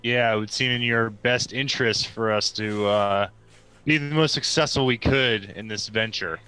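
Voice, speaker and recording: Man, tabletop player, crisp smooth voice, bright tone, reasoned bargaining. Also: medium pitch, moderate pace, low-quality recording. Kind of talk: casual tabletop role-play.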